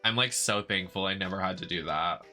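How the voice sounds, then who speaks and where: Young male streamer, sassy and emphatic, very bright tone over faint game music. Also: deep voice, fairly quick. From United States. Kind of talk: casual chat while gaming.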